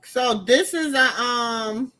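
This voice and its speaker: A woman talks to her livestream audience in a high, bright voice. She takes her time and drives points home by repeating them. Her tone is emphatic and direct. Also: slow. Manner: emphatic, repetitive, addresses viewers as y'all. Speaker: commentary host. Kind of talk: casual livestream commentary. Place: home during a storm.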